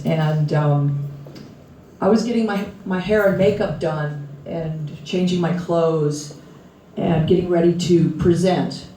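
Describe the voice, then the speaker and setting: A woman's voice: sits low, dark tone, a little hiss or hum. A middle-aged woman, an author at a book launch, telling stories on stage with frequent laughter. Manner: laughing, chatty storyteller. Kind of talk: storytelling talk on stage. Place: music venue before a live crowd. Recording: echoey room from far off.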